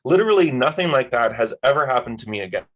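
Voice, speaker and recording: Reading voice: man lifting his voice for a relaxed young woman, easygoing, upbeat. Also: mid-range voice, quick pace, close to an everyday voice. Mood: breezy. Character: laid-back young woman, stoner friend.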